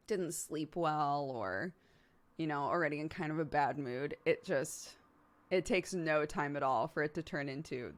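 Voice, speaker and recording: A woman in her thirties hosting a live stream, chatting casually with viewers and laughing often as she tells stories about her toddler. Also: low-pitched. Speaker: streamer host.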